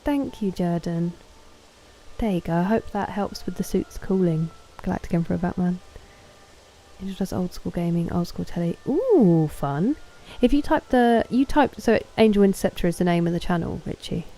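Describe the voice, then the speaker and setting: A woman's voice: lowish voice, lively intonation, moderate pace, warm tone, a little hiss or hum, low-quality recording. A woman streaming a game, chatting casually with her viewers, greeting and thanking them and answering their questions.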